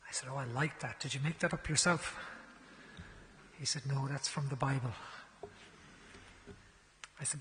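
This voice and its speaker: A man giving a parish mission talk, telling a story and swinging from hushed, slow lines to loud, raised ones. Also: mid-range voice, fairly even intonation, long reverb tail, a little hiss or hum. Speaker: guest speaker. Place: large church.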